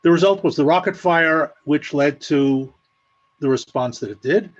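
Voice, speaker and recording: A man giving a measured, explanatory analysis with dry, sarcastic asides over a video call. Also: a little high, lo-fi sound. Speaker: guest analyst. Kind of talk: spoken analysis at an online meeting.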